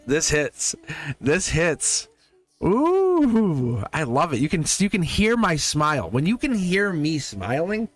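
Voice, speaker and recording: A man's voice: on the high side, fairly bright tone. A man hosting a live tarot reading, playful and laughing often as he talks to his viewers. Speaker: tarot reader and live stream host.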